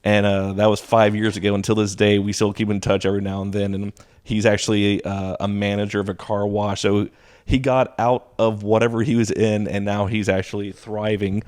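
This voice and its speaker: Speaking briskly in a lowish voice, a man who teaches recounts a classroom story on a podcast. He keeps it casual and animated, doing the voices and laughing along the way.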